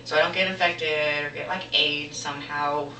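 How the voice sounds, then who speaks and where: A man's voice: a little high, steady tone, normal speed, a little hiss or hum. A teenage boy doing a rambling, jokey stand-up monologue as a comedy vlogger. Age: teens. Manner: rambling, jokey, breaks into loud impressions. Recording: roomy echo, distant camera mic.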